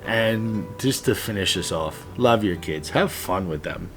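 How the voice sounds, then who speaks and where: Over music, a father vlogger in his late thirties delivers a heartfelt monologue of earnest advice to other dads, occasionally blunt and swearing. His fairly low voice is expressive and unhurried.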